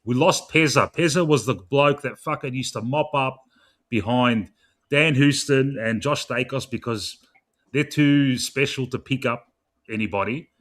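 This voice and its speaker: A man's voice: medium pitch, measured pace, a bit bright. A young Australian man previewing a football match, swearing constantly and pleading with the coach in an exasperated rant. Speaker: football fan podcaster.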